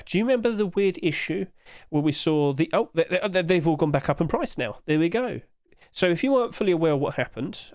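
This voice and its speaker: A man's voice: on the high side, no echo, studio quality. Chatty man streaming live. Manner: chatty, sing-song filler noises. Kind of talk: casual live-stream commentary.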